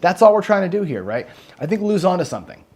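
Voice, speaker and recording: A man's voice: high voice, very animated, fast, darkish tone, breathy edge. A man hosting a casual livestream, rambling and asking "right?" after nearly every sentence, and swearing when he gets heated. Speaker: host.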